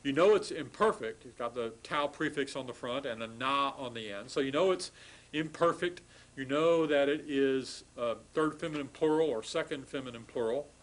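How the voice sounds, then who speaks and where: A man giving a recorded classroom lecture on grammar, explaining patiently, sounding out word forms slowly, and apologizing wryly for irregular forms. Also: mid-range voice, low-quality recording. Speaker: language instructor.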